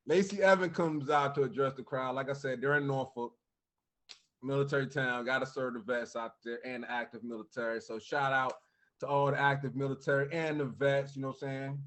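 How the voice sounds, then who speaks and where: A man co-hosting a wrestling podcast, recapping the show in casual, animated chat and acting out quotes. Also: medium pitch. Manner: animated storytelling with laughs and quoted voices.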